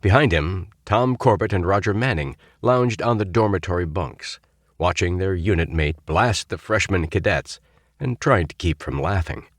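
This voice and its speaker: A man narrating a children's space adventure audiobook with expressive storytelling. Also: sits low, moderate pace, dry recording, clean studio sound. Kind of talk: scripted narration.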